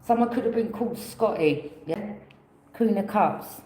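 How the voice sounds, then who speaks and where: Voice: medium pitch, a little slow, mellow, echoey room, low-quality recording. A tarot reader giving a casual reading, rambling, repeating phrases and offering loose alternatives.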